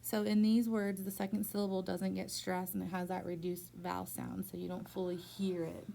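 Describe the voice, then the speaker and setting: A woman teacher giving a patient one-on-one phonics lesson in a school room, slowly stretching out words to model their syllables. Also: lowish voice, level tone, gravelly, dark tone, a little hiss or hum.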